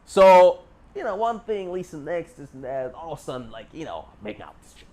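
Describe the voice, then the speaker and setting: Boastful young man with a lively voice. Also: a little high, brisk, a little hiss or hum. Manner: boastful, swearing, rambling with many fillers. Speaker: vlogger. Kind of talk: casual storytelling.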